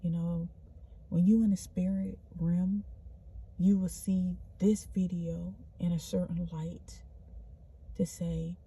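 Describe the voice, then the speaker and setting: Husky, very dark-voiced woman vlogger. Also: fairly low pitch, level tone, slow, long pauses. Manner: earnest, repetitive, addresses listener as honey; spontaneous, loose restarts. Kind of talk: spiritual motivational monologue.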